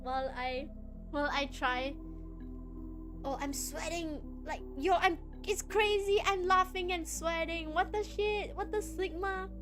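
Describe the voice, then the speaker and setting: A young woman from Malaysia chatting casually on a live stream, excitable and often breaking into laughter. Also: very high voice, a little slow, over music.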